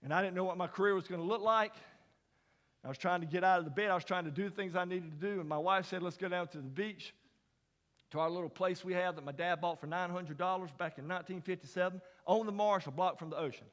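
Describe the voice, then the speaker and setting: A middle-aged man preaches by telling a story, his voice pitched fairly high for a man. He slips from hushed asides into loud, ringing emphasis. The sound carries a long reverb from a large chapel hall. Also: fast talker. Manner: folksy, dramatic storyteller, drops to whispers and rises to near shouts. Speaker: chapel speaker. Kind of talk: storytelling sermon.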